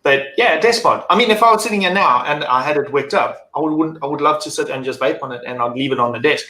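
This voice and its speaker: A man's voice: on the high side, quick pace, bright, forceful tone. A man, a guest on a panel show, chatting casually, rambling and joking with some swearing. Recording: echoey room with faint ambience.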